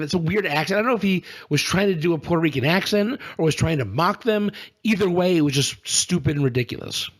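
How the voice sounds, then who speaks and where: A man's voice: on the high side, expressive, a little fast. A man co-hosting a casual political podcast, talking in a sarcastic, exasperated way with many "um"s. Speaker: podcast co-host.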